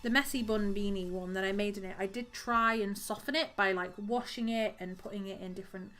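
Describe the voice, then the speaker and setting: A woman's voice: mid-range voice, steady tone, fairly quick, fairly bright tone, faint music behind. A woman live-streaming as she crochets at home, chatting casually and giggling, and counting her stitches aloud.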